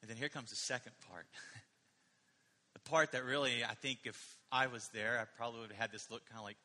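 Bright, forceful preacher in a reverberant hall. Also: male voice, medium pitch, brisk. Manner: animated, emphatic preaching with rhetorical questions. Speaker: pastor. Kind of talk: sermon.

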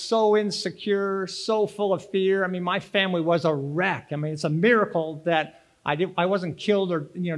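A man, preaching a folksy, energetic sermon and urging the congregation to answer back. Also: high voice. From Boston area, Massachusetts. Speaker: pastor. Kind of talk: sermon with personal story.

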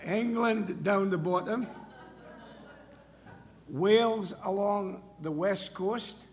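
Brief: male preacher, a bit higher-pitched, storytelling sermon in a church hall with long reverb. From Scotland. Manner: storytelling, homely asides.

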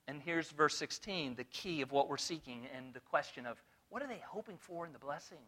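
Male Bible teacher, sermon delivery, higher than usual voice, animated questioning style. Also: moderate pace, hardly any pauses. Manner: animated, full of rhetorical questions. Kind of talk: expository sermon to a room. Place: room with a live audience.

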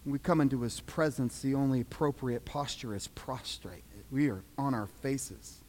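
A man preaching a sermon, dramatic, swinging from loud pleading to hushed quiet. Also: medium pitch, moderate pace, slight background noise. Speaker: pastor. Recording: long reverb of a large hall.

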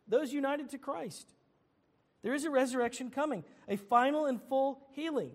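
A man's voice: very high voice, normal speed, big-room sound. A man preaching a sermon as pastor, earnest, often repeating and restarting his phrases.

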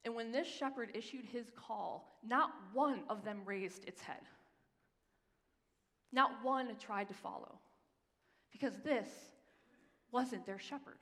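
A woman's voice: fairly high pitch, a bit bright. Woman preaching in an echoing hall. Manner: storytelling, emphatic, slows for scripture readings. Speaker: pastor. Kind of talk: sermon. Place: church sanctuary. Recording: long reverb of a large hall.

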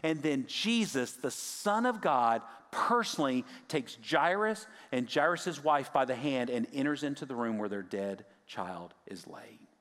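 A male pastor preaching a sermon, swinging from raised emphasis down to hushed, near-whispered lines. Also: mid-range voice, expressive, unhurried, hardly any pauses, big-room sound.

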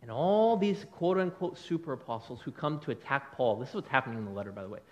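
A male pastor preaching a conversational sermon, acting out quick bits of dialogue as he goes. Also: medium pitch, lo-fi sound. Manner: animated, conversational preaching with quick acted-out quotes.

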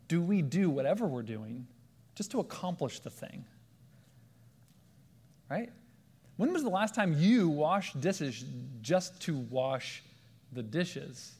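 A man preaching a sermon in a lively storytelling way, acting out the voices of the people in his stories. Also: on the high side, breathy edge. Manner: animated, acts out quoted voices. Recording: long hall reverb.

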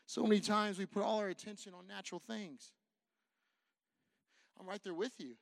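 A man preaching a sermon to a congregation, animated and repetitive, pacing as he talks and acting out the people in his story. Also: high voice, brisk, vocal fry, long pauses, dry recording. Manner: animated, repetitive, quotes figures in voices; walks around while preaching. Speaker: pastor. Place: church sanctuary with a congregation.

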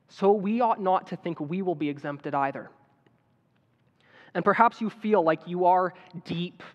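A man preaching a sermon in an earnest manner that builds to emphatic appeals. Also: sits high. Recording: dull sound with long hall reverb.

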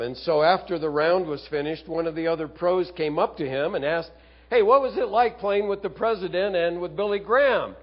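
A man preaching from the pulpit, walking listeners through scripture and telling stories along the way, with a few fillers here and there. His voice sits a little high for a man. The recording is somewhat dull and lo-fi. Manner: expository preaching with storytelling, occasional fillers. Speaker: pastor. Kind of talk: sermon.

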